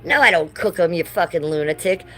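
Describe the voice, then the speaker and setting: A woman's voice: lowish voice, brisk, fairly bright tone, rough recording. Chatty, blunt woman livestreaming at home. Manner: chatty and blunt, swears casually. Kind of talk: casual livestream chat. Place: living room at home. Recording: music playing clearly behind.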